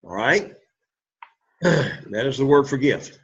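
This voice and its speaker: A man teaching a Greek class, slowly and patiently saying each word several times. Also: mid-range voice, lively intonation, highs cut off. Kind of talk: classroom lesson, repeating words.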